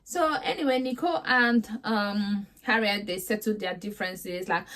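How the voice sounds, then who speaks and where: A woman's voice: mid-range voice, normal speed, hardly any pauses, fairly bright tone. A young woman, recapping reality TV in a sassy, exasperated, chatty vlog. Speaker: vlogger host.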